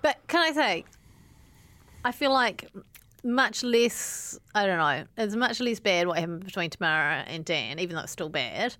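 A woman with a New Zealand accent co-hosting a podcast in casual, animated chat, often trailing off and restarting. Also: lowish voice, normal speed, dry recording. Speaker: podcast co-host.

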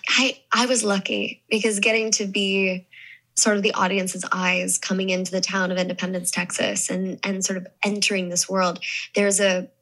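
Bright-voiced young woman in an interview. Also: mid-range voice, poor audio. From American South. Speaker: actress guest. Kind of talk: casual interview talk.

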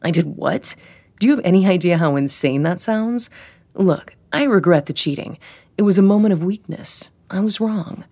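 A woman reading an audiobook, voicing a smug, pushy man who keeps justifying himself in a glib, quiet way. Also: fairly low pitch, animated, normal speed, no room sound. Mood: pleading. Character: male ex-boyfriend, smug, pushy, self-justifying.

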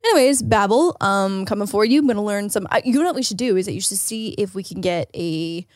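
A woman co-hosting a casual podcast, talking in an excitable, giggly way with casual swearing and gushing asides. Her pitch sits in an ordinary middle range. She is recorded on a close mic in a dry space with no echo. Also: fast. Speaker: podcast co-host. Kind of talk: casual chat.

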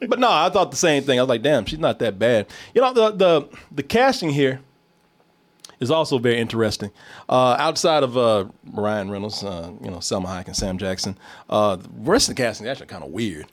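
A man's voice: mid-range voice, brisk. A man chatting casually and profanely about a movie, telling jokes and laughing as he talks. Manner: animated, profane, laughing storyteller. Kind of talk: casual movie review chat.

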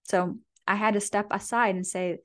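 A woman's voice: mid-range voice, fairly even intonation, moderate pace, a bit bright. A woman guest on a podcast, talking in a coaching, motivational way with frequent "right?" and "you know". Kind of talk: motivational conversation.

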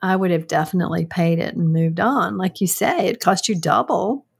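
An older woman co-hosting a casual radio talk show, speaking in a calm, encouraging way. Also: lowish voice, normal speed, vocal fry, slightly rough. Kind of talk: casual on-air chat.

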